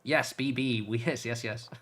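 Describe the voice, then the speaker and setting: A man's voice: medium pitch, unhurried, fairly bright tone, faint music behind. A British man chatting casually while livestreaming a game, rambling between topics, laughing often and swearing now and then. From Britain. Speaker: gaming livestreamer. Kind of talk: casual chat while playing.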